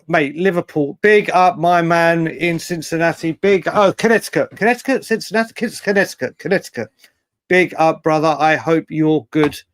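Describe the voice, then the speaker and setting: A man's voice: a little high, no room sound. A young man hosting a casual football live stream, bantering with viewers by name and laughing often. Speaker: livestream host.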